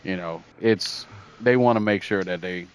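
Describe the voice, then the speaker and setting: A man's voice: sits low, normal speed, clean tone. A man co-hosting a podcast, chatting about games in a laid-back, slangy way. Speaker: podcast co-host. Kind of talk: casual gaming chat.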